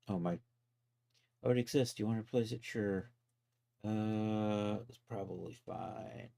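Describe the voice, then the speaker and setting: Brief: easygoing male streamer with a lower voice, narrating his work as he goes and bantering with viewers. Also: fairly even intonation, unhurried, creaky, long pauses. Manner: chatty, talks to viewers and to his software while working, chuckles often. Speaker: 3D artist livestreaming his work. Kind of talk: casual live-stream commentary.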